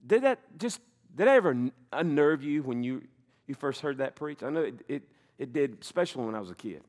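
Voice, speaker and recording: A middle-aged man preaching a sermon, slowing down to stress key points and now and then laughing. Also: medium pitch. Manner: animated preaching, slows for emphasis, occasional laughs. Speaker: pastor.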